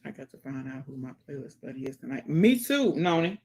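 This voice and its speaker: A woman's voice: extremely low pitch, very animated, brisk, a little mellow, husky. A woman hosting a casual livestream, greeting viewers by name and chatting as she reads the comments. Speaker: livestream host.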